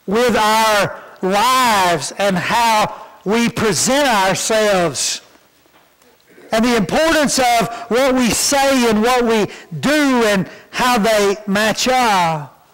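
Preacher, male, high-pitched, unhurried, folksy, church hall reverb. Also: fairly bright tone. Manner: folksy, repeats words when starting sentences. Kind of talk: sermon.

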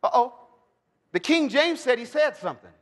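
High-voiced animated man teaching in a hall. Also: normal speed. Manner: animated, joking, calls for audience response, bursts into shouts. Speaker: Bible teacher. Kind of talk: lively teaching to a live audience. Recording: long hall reverb.

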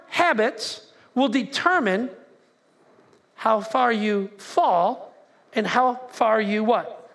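Animated high-voiced man preaching. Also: drawn-out words, creaky, pauses often. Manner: conversational, animated, shouts acted-out quotes. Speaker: pastor. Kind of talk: sermon. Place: church sanctuary.

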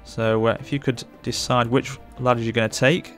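Excitable man barking orders. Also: medium pitch, normal speed, faint music behind. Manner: urgent, excitable, barks orders at units. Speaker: gaming channel host. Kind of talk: live gameplay commentary.

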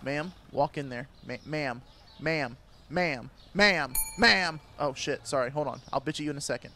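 A slightly high, sharp-toned male voice comes through fairly quickly, with a bit of hiss or hum in the recording. He's a gaming YouTuber doing crude, playful commentary, laughing often and trash-talking the characters as he plays.

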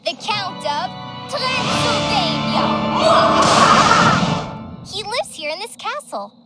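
A woman's voice: very high-pitched, expressive, a little slow. A woman voicing a cheerful, confident young girl in a cartoon who loves spooky things. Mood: gleeful. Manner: bubbly, delighted. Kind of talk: cartoon voice acting. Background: music.

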